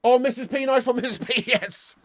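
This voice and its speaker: A man hosting a live football watch-along, excitable, yelling at the referee one moment and muttering the next, and chatting with his viewers. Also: brisk. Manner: excitable, yells at the referee, then drops to low muttering; swears and chats with live viewers. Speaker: fan channel host.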